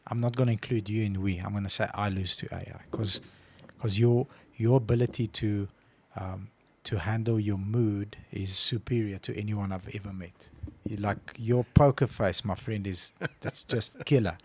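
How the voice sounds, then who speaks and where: A man co-hosting a casual podcast, telling a story with lively acted-out phone calls. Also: fairly low pitch, normal speed, few pauses. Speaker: podcast co-host.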